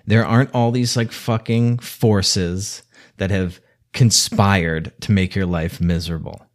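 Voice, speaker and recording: A man's voice: deep voice, steady tone, measured pace. A man delivering an exasperated, scolding rant to the camera, swearing heavily. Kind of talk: angry rant monologue.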